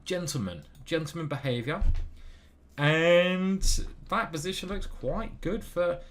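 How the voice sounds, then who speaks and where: A man commentating on his own online chess game as he plays, muttering to himself, swearing and getting excited. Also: sits high, takes it slowly, a little hiss or hum. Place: small stuffy room.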